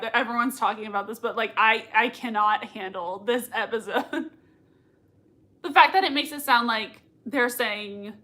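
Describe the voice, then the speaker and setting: High-voiced young woman gushing in slow speech. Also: bright, forceful tone. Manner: gushing, squealing with emotion. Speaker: livestream reaction host. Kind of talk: excited live reaction chat.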